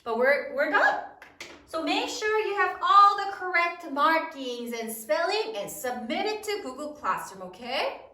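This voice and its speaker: Bright-voiced woman teacher, echoey room. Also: high-pitched, big pitch swings, far from the mic. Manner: sounds out letters slowly and clearly, cheerful. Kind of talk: spelling lesson for children.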